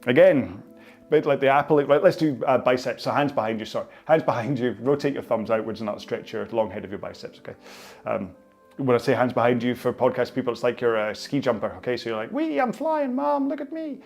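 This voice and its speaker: A man's voice: medium pitch, fast talker, faint music behind. A man with a Scottish accent leading a follow-along stretching cooldown, chatting in a rambling, jokey way. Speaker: fitness instructor.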